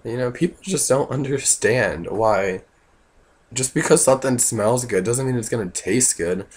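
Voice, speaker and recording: A hoarse man who is losing his voice, telling a funny work story in a rambling, casual way. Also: mid-range voice, moderate pace. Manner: rambling, full of "like" and "you know", voices in the quotes. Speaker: vlogger.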